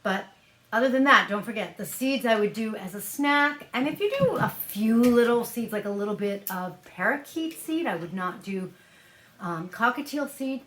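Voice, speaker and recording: A woman's voice: on the high side, expressive, normal speed, fairly bright tone. A woman vlogging casually about keeping parrots, chatty and thinking aloud, handling a bird at home. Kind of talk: casual explainer vlog. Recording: echoey room.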